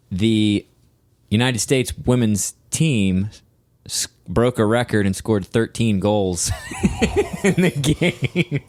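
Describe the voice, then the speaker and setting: A young adult man co-hosting a casual podcast, chiming in with dry, deadpan remarks and quick laughs. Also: lowish voice, no room sound. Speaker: podcast co-host. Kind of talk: casual crude podcast chat.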